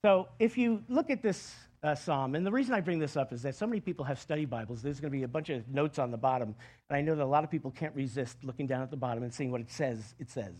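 A man with a husky, slightly breathy voice delivers a sermon at a middle pitch. He talks conversationally and with energy, often restarting phrases as he explains the scripture. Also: fast, darkish tone. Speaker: pastor.

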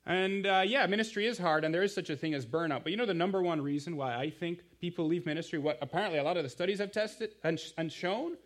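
Male preacher, thirties, slightly raised pitch, conversational sermon delivery with rhetorical questions. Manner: conversational, emphatic, asks the audience questions. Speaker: guest preacher, campus missionary.

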